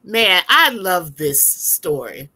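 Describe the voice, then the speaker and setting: A woman co-hosting a movie review chat, talking thoughtfully with frequent pauses. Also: fairly low pitch, very animated, pushed and bright, slightly rough. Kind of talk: casual chat.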